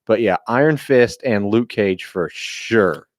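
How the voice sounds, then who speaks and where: A man's voice: on the low side, slow, no echo, studio quality. Laid-back man chatting on a podcast. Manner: laid-back, relaxed, conversational. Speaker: podcast co-host. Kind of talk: casual beer review chat.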